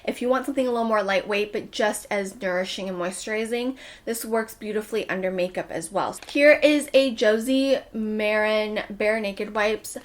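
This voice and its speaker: Chatty woman reviewing beauty products. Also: fairly high pitch. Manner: chatty, enthusiastic. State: out of breath. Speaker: beauty vlogger.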